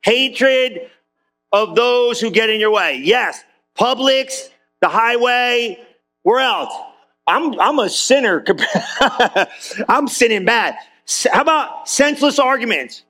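A man preaching an energetic, conversational sermon in a church, full of quick asides to the congregation. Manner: energetic, conversational, high-spirited with frequent asides. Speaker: pastor.

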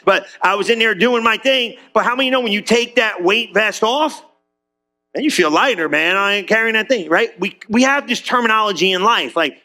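A middle-aged man preaching a sermon as pastor, conversational and animated, acting out quotes in little voices. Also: high-pitched, normal speed.

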